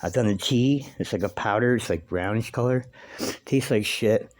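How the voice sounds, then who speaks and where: A vlogger rambles through a casual monologue, swearing freely and drifting from thought to thought with plenty of fillers. His voice is on the low side and a little mellow, at a moderate pace.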